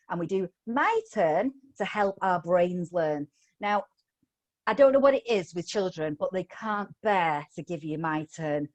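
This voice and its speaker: A woman's voice: lowish voice, expressive, unhurried, darkish tone. A middle-aged woman training teachers in phonics over a video call, upbeat, coaxing and playful. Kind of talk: live online teacher training.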